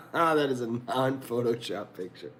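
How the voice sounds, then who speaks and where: A man's voice: mid-range voice, background noise. Rambling, laughing livestream host man. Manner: rambling, profane, laughs often. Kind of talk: casual chat. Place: home room.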